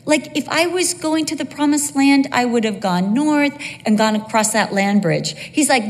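A middle-aged woman preaching a sermon in a church, lively and humorous, acting out bits of dialogue with quick asides. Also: high voice. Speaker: women's Bible teacher. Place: church sanctuary. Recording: long hall reverb.

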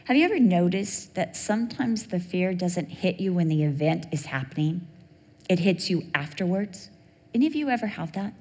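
A woman preaching a sermon, telling stories in an animated way and acting out the voices of the people in them. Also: fairly low pitch, moderate pace, slightly rough. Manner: animated storytelling, acts out quoted voices. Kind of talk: sermon with storytelling. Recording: long hall reverb.

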